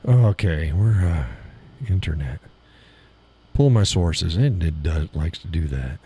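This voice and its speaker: Lively low-voiced man hosting a chatty stream. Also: slow, breathy edge. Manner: chatty, playful, laughs often, toys with word sounds. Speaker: live stream host. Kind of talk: casual live-stream chat.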